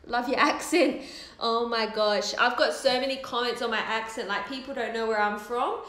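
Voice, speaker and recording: A woman's voice: a little high, moderate pace, fairly bright tone. A woman in her thirties with an Australian accent, chatting and rambling on a live Q&A from her new office, swearing casually. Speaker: hair topper business owner hosting a live Q&A. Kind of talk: casual livestream chat. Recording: roomy office echo.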